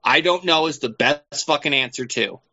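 A man's voice: fairly high pitch, moderate pace, gravelly, pushed and bright. A man chatting casually as a podcast co-host, rambling and profane with lots of fillers, on a dull lo-fi recording. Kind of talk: casual chat.

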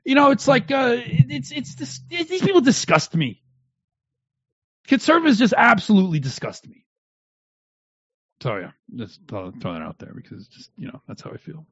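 A man, a guest on a livestream, giving heated, mocking commentary in an animated rant. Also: high voice, normal speed, dry recording, lo-fi sound.

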